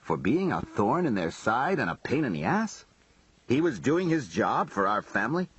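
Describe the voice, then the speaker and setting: A man's voice: mid-range voice, sing-song, normal speed, a bit bright, breathy edge, dull audio, heavily acted. A man voicing a blunt, streetwise mob underboss who recounts his grievances in profane, conversational talk. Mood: scornful.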